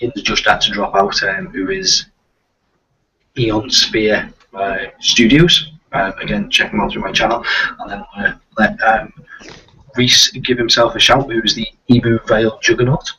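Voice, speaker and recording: Here the host of a live video chat talks at normal speed in a sharp, lowish voice, his light Liverpool accent coming through as he rambles and restarts, full of fillers. A bit of hiss or hum runs under the muffled, distant, lo-fi stream audio.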